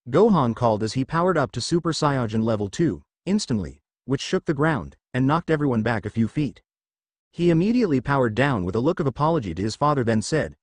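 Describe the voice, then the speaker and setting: A man's voice: medium pitch, sing-song, fairly quick, no echo. A man reading a fan fiction story aloud as narrator.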